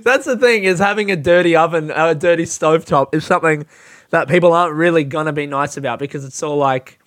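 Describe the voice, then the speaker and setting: Solo podcast host, male, fairly high voice, profane, self-mocking rant that drops to mumbles and climbs to yells. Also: a little fast.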